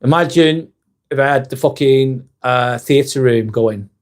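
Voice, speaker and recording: Speaking a little slowly in a medium-pitched voice, a live-stream host reads his viewers' chat aloud. His answers are blunt and casual, and he swears a lot.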